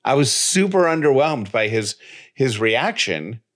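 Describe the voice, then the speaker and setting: A man's voice: medium pitch, unhurried. A man co-hosting a podcast, casually telling a story and acting out the dialogue as he goes. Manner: animated, retells with quoted dialogue. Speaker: podcast co-host.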